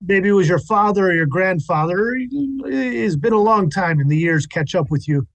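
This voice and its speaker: High-voiced man playing a tabletop character. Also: animated, moderate pace, dry recording. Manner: hesitant, haggling, with restarts. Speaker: player. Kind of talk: in-character tabletop role-play.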